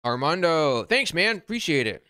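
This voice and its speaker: A blunt, loud-mouthed man chatting live with his viewers, his voice bright and forceful with a crisp, smooth edge. He half-yells in a brash, no-nonsense way. The sound is close and dry, with little room around it. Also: a little high, sing-song, normal speed, dry recording. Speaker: crypto channel host. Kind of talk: casual livestream chat answering viewer comments. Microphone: wearing noise-canceling headphones.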